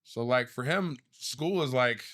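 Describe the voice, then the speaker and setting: Guy in his 30s on a podcast, cussing through a story about his kids, voice gets higher when he's fired up. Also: a little slow, fairly bright tone, dry recording, studio quality. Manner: storytelling, swearing freely, voice rising as he gets worked up. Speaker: podcast co-host. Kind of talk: casual chat.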